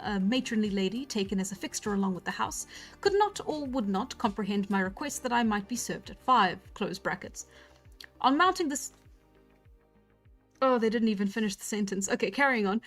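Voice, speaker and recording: A young woman reading a novel aloud on a livestream, stopping now and then to comment on the text and laugh at herself. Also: mid-range voice. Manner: reads plainly, breaks off to comment and laugh at herself. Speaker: book reader on a livestream. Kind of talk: casual storytime read-aloud.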